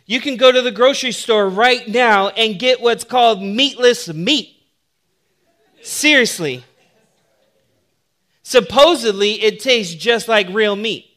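High-voiced unhurried male preacher. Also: pushed and bright. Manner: humorous, conversational, builds to emphatic points. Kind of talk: sermon.

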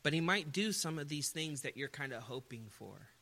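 A man's voice: on the high side, animated, moderate pace, gravelly, pushed and bright. A man preaching a sermon in an emphatic way, often putting rhetorical questions to his listeners.

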